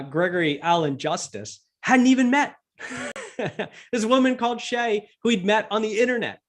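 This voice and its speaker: Amused, lively man telling a story. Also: fairly high pitch. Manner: lively, amused, many fillers and restarts. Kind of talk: animated storytelling. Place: virtual event, remote call.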